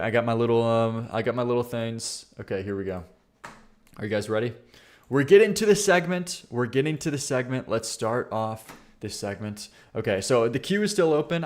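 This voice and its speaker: A man's voice: on the low side, gravelly. A man hosting a casual music reaction livestream, rambling and swearing, often restarting his sentences and laughing at himself.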